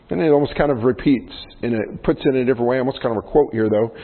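A man's voice: mid-range voice, racing, few pauses. Man preaching in an echoey hall. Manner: emphatic, rising to stress key points. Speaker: pastor. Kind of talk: sermon. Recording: phone-like sound in a reverberant hall.

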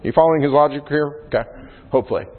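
A man's voice: on the high side, rapid-fire. Preacher man in an echoing, tinny hall. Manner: conversational preaching, frequent "right?" asides. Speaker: pastor. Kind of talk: sermon. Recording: phone-like sound in a long-reverb hall.

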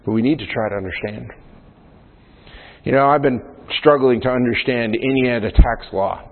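A man's voice: medium pitch, normal speed. Preacher man in an echoing, tinny hall. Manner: conversational preaching, frequent "right?" asides. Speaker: pastor. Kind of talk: sermon. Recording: phone-like sound in a long-reverb hall.

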